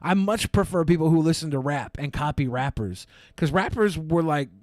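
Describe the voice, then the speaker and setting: A man's voice: on the high side, lively intonation, moderate pace, darkish tone, no echo. A man co-hosting a podcast, chatting in a crude, mocking way and acting out voices. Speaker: podcast co-host. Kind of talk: casual comedic chat.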